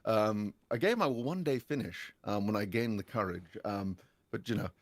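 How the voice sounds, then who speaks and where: A young man tells a comic story on a casual podcast panel. He swears often, and his voice swings widely in pitch and loudness. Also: normal speed, no echo. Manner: animated, profane, big swings in pitch and volume. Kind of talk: comedic storytelling in casual chat.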